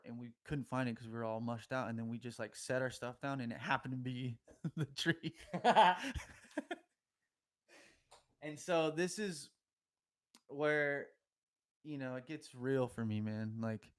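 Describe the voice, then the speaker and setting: A young man spins a long, meandering story on a podcast, full of slang and loose asides. His voice sits at an ordinary middle pitch. He laughs easily as he talks. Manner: rambling, slangy, laughs often mid-story.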